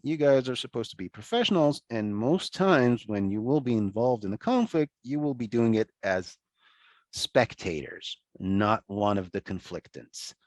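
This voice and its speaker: A man giving an online lecture over a video call, talking in a conversational, animated way with many restarts and asides. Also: fairly low pitch, no echo.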